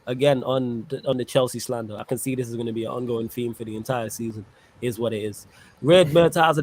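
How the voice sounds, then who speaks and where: A man hosting a casual football chat, slangy and laughing often. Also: medium pitch. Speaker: host.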